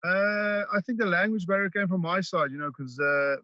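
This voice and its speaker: A South African man, a native Afrikaans speaker, chatting casually as a rugby player guest, halting with many ums and restarts. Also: high-pitched, no echo. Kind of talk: casual interview chat. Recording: dull, dry lo-fi line.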